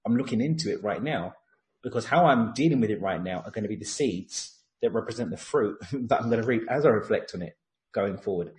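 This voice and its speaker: A man's voice: lowish voice, lively intonation, a little fast, a little mellow, rough recording. A man in casual conversation, talking earnestly about a personal insight and acting out his own inner thoughts. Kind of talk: reflective casual chat.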